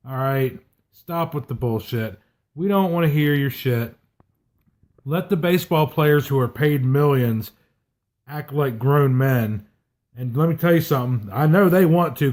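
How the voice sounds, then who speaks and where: A man from South Carolina ranting about baseball on a podcast, heated and swearing constantly. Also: a little high. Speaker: podcast co-host. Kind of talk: profane sports rant.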